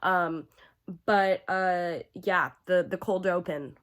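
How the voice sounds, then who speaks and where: A woman's voice: fairly low pitch, steady tone, slow pace. A young woman giving casual, profane ranking commentary to camera, chatty and full of fillers, gushing about favorites. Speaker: horror video creator.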